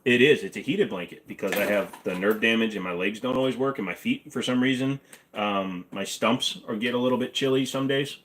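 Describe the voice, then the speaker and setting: A man's voice: fairly low pitch, fairly quick, a bit bright, slight background noise. A man in his forties hosting a casual livestream Q&A from his apartment, talking in a rambling, offhand, joking way. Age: 40s. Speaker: livestream host. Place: apartment bedroom-living room.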